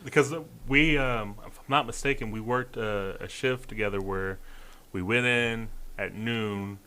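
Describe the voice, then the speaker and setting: Male co-host, bright, sharp tone, easygoing, backs up the stories. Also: lowish voice, a little slow, clear, resonant tone. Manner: laid-back, chiming in with agreement. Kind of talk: casual chat.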